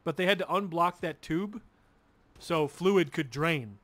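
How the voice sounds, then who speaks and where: A man's voice: fairly high pitch, a little slow, fairly bright tone, dry recording. A man telling a long story while playing a game, rambling and swearing freely with lots of restarts. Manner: rambling, profane, restarts a lot. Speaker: gamer streamer.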